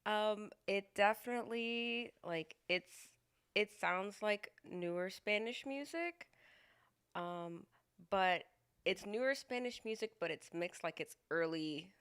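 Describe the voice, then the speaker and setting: A woman guest on a music stream, talking through her opinion of a song. Her voice is bright and she hedges often, pausing on filler words. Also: medium pitch, clear, resonant tone. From Dominican family. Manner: hesitant, lots of likes and ums. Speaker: guest giving a song review. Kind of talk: casual spoken review.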